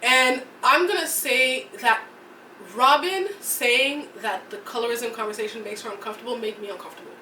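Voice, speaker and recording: A woman's voice: fairly high pitch, moderate pace, pushed and bright, slight background noise. A woman co-hosting a podcast, chatting casually and gossipy about reality TV, rambling with restarts. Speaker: podcast co-host. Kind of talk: casual reality-TV review chat. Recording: roomy sound, mic at a distance.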